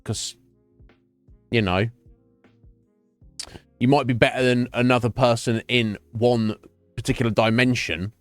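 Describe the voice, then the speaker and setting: A man's voice: medium pitch, steady tone, measured pace, pauses often, no echo, faint music behind. A middle-aged British man chatting casually to his stream, blunt and sweary, rambling with many restarts. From Britain.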